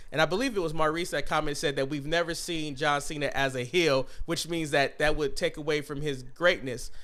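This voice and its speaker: Bright-voiced man hosting a podcast. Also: a little high. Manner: leads the talk, reads chat comments. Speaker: podcast host. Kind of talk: casual podcast chat.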